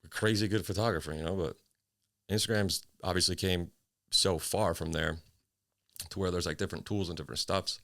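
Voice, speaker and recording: A man's voice: deep voice, fairly even intonation, a little fast, creaky, fairly bright tone, no room sound, clean studio sound. A man, hosting a casual solo podcast from a small home office. He rambles, jokes at his own expense, swears freely and sounds a little out of breath. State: slightly out of breath. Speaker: podcast host.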